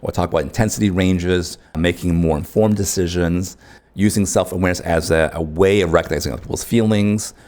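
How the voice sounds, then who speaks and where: A man's voice: sits low, steady tone, a little fast, a little mellow. A man teaching an online course in a conversational way, often checking in with his listeners. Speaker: course instructor.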